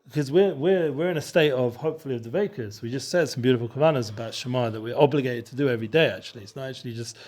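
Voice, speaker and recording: A man leads a casual Torah study at a quick, rushing clip. He keeps stopping and restarting his sentences and drops Hebrew and Yiddish terms in as he goes. His voice sits at a middling pitch. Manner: fast, loose and animated, with many restarts. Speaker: Torah teacher and show host.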